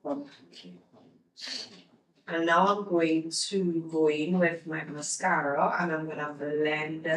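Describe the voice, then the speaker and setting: A woman's voice: low voice, fairly bright tone, far from the mic. A woman giving a makeup tutorial, talking viewers through each step. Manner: slow step-by-step instructions to viewers. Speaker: beauty vlogger. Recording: roomy, away from the mic.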